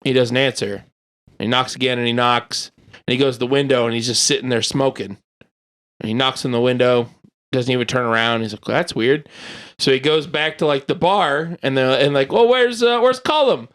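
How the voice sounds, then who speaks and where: A man hosting a podcast in casual chat, retelling a film in a rambling, animated way with plenty of filler words. His voice sits in an ordinary middle pitch. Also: a little fast. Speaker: podcast host.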